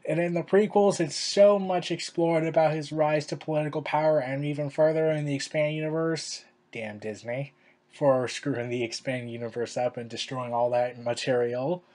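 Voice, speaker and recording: A man's voice: on the high side, fairly even intonation, normal speed, darkish tone. A young man giving casual commentary in a video, rambling and full of filler words. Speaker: video creator.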